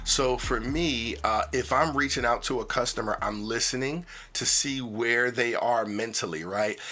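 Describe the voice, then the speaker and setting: A man as a sales trainer on a podcast, playful and animated, acting out phone calls and laughing often. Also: medium pitch, normal speed. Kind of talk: podcast conversation.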